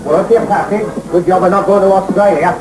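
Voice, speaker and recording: An actor playing a bumbling, flustered middle-aged man in a 1950s British film comedy, chattering in excitable comic patter. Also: sits high, brisk, music in the background, close to an everyday voice, rough recording. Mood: joking. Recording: hissy old film soundtrack.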